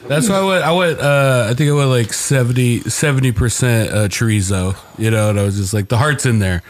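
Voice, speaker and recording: A man's voice: medium pitch, a little fast. Easygoing man cooking host. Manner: easygoing, rambling explanations. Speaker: podcast host and cook. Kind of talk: relaxed podcast chat.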